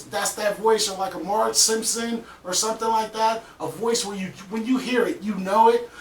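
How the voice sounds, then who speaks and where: A man hosts a reaction video, chatting in a loose, rambling way. His voice sits high. He is heard from some distance in a roomy, echoey space. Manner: relaxed, rambling, conversational. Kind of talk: casual chat.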